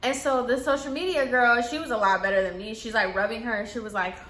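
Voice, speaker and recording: A woman's voice: fairly high pitch, steady tone, fast, hardly any pauses, fairly bright tone. A woman telling a casual storytime about a coworker, chatty and full of fillers. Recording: echoey room.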